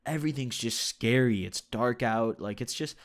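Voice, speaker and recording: A man's voice: mid-range voice, normal speed. A young man casually telling a personal story, laid-back, swearing freely and laughing now and then, with lots of "like" and "you know". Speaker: storyteller recounting his own experience.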